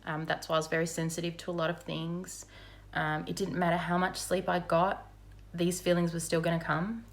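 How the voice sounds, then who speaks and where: A woman telling her personal story in a frank, conversational way, with many fillers. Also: lowish voice. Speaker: mother sharing her recovery story. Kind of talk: candid personal testimony.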